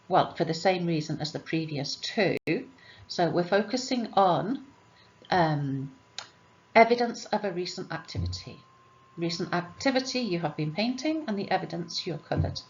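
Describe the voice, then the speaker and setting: In dull audio, a woman English teacher with a lowish voice and lively intonation goes through grammar exercises at an unhurried pace. Patiently, she asks questions and supplies the answers herself.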